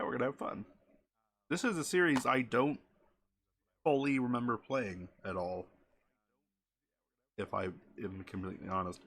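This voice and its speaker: Low gravelly rambling streamer man. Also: fairly bright tone. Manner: rambling, self-correcting. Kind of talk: casual game stream chat.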